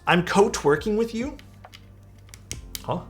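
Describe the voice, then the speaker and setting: A man livestreams while working on a build, relaxed and chatty, reading viewers' messages and answering their questions. His voice is high-pitched and slow.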